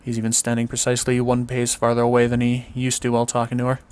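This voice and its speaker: A man reading a visual novel's text aloud in a flat, even way, with casual asides and small stumbles. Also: medium pitch, fast, slight background noise. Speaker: let's play commentator. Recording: faint music underneath.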